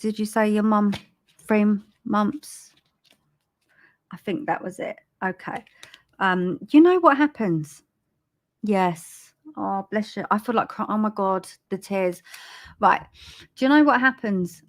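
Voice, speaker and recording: A British woman giving live spiritual readings on a stream, speaking gently with many ums and restarts. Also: medium pitch. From Britain. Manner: halting, full of ums and restarts, gentle and soothing. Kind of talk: live-stream psychic reading, casual and chatty.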